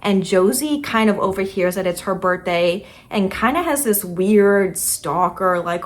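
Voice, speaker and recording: In this casual book review chat, a young female book vlogger talks about books she adored, chatty and full of "like" and "kinda." She speaks at medium pitch and normal speed, barely pausing.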